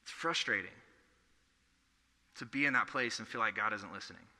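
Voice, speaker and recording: Young male pastor, earnest storytelling sermon, bright tone, echoey church hall. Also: lowish voice, moderate pace. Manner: earnest, conversational preaching with storytelling.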